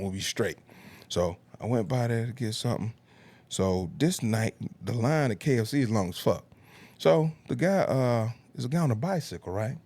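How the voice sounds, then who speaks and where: A man, telling comic stories on a podcast with laughs and big pitch jumps. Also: a little mellow. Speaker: comedian guest. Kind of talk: podcast storytelling.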